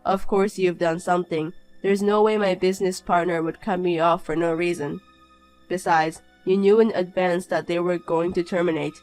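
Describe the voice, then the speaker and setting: A woman's voice: on the low side, little pitch movement, moderate pace, darkish tone, soft background music, natural voice, poor audio. Woman voicing a snobbish rich young man. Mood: sneering. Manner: sneering, then pleading. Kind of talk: animated story voice-over.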